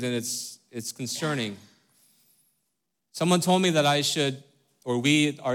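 A middle-aged man preaching a sermon as pastor, conversational and earnest, often checking in with "right?" and "okay?". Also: medium pitch. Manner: conversational, many fillers and tag questions like "right?" and "okay?"; direct and earnest with the congregation.

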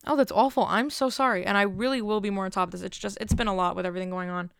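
Young woman solo podcast host, rambling and self-deprecating, gravelly but smooth voice, dry close sound. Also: mid-range voice, a little fast, dry recording. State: cold, stuttering a little. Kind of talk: casual solo podcast chat.

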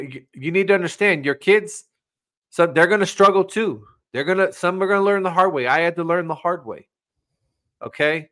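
A man's voice: a little high, bright, forceful tone. A man in his forties co-hosting a podcast, talking earnestly about faith and parenting, getting emotional as he speaks. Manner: earnest, gets emotional, preachy. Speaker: podcast co-host. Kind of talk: casual faith talk.

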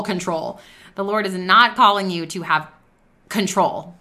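A woman's voice: mid-range voice, measured pace, bright, forceful tone. A woman hosting a faith-based business talk, speaking earnestly and conversationally and sharing personal stories. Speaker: podcast host.

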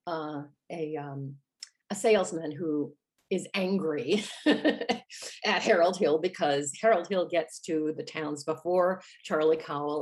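A woman with a slightly low-pitched voice tells a backstage story in a relaxed interview. She is an actress from musical theater, and she slips into the voices of the people she quotes. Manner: animated, acts out the lines she quotes.

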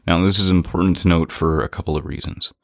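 Very deep-voiced man explaining research. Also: fairly even intonation, fast, vocal fry, no echo, clean studio sound. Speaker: paranormal investigator. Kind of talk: explanatory narration.

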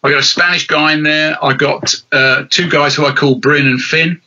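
A man's voice: on the high side, moderate pace, dull audio, slight background noise. A middle-aged man, a rally commentator and author, telling self-deprecating stories in a chatty interview. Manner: animated storyteller, self-deprecating.

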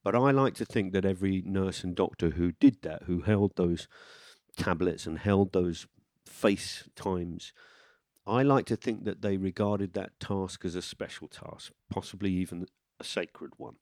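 A man presenting a documentary, reading scripted narration in a measured, reflective way. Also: sits low, a little mellow, no room sound, clean studio sound.

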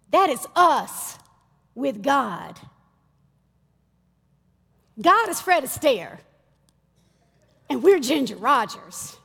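A woman minister preaching a sermon, talking to the congregation in a lively, chatty way and calling out to them often. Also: very high-pitched, in a large hall. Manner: lively, conversational preaching with audience call-outs. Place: church stage.

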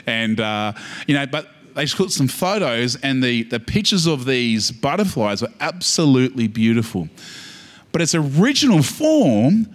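Animated Australian pastor preaching. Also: male voice, a little high. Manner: animated, humorous, builds to emphatic peaks. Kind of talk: sermon. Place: church service.

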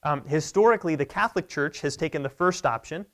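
A man's voice: on the high side, fast talker, fairly bright tone. A man preaching a sermon from the pulpit, explaining scripture in an emphatic, conversational way and often checking in with "right?". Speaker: pastor. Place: church sanctuary pulpit.

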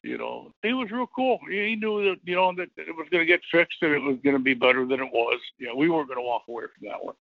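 A man's voice: a little high, expressive, fast talker, creaky, hardly any pauses, no room sound. A man, a special effects coordinator, telling an amused anecdote in an interview. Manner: amused storyteller. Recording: dry, tinny phone-like line.

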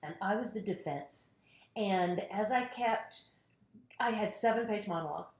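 Animated actress telling stories, roomy sound. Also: female voice, mid-range voice, normal speed. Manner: animated storyteller, acts out quotes. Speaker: actress, interview guest. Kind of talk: casual interview storytelling.

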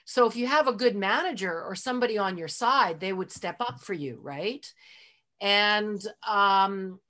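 A middle-aged woman talks through her past as a podcast guest in an easy, conversational flow at a medium pitch. She is open about her feelings and sprinkles her speech with casual fillers. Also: unhurried, bright, forceful tone. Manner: chatty, frequent fillers like "like" and "you know"; heartfelt, openly emotional. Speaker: interview guest. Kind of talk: casual storytelling in a podcast interview.

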